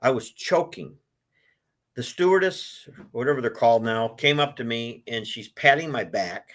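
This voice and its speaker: A man in his sixties, a book author, telling his life story in an interview, with an animated delivery that swells when he is moved. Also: mid-range voice, moderate pace. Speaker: author guest.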